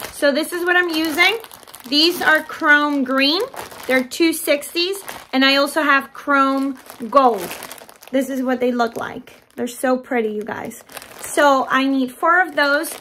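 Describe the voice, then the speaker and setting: A woman's voice: high-pitched, takes it slowly, bright, forceful tone, slight background noise. A woman giving a DIY tutorial as a balloon decorator, chatting to viewers and gushing over her work. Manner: chatty, keeps addressing viewers as "you guys".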